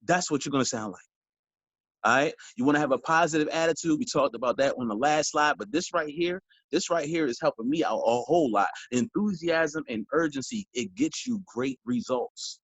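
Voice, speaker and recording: A man gives a motivational business training to his team, preachy and emphatic, and he repeats key lines for weight. His husky voice sits a little high and swings up and down in lively bursts. The recording is dull and dry, with a lo-fi edge. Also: normal speed, dry recording. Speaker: team leader coaching a sales team.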